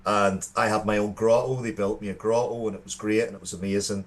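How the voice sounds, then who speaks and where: Irish male co-host, thirties, low register, sincere storyteller. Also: fairly even intonation, fast talker. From Ireland. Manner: earnest storytelling with frequent restarts. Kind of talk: casual chat.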